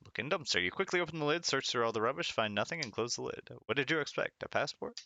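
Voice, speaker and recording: Gravelly, bright-toned man playing a retro game. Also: medium pitch, animated, fast, no echo, lo-fi sound. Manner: reads game text aloud and laughs often. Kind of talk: casual game commentary.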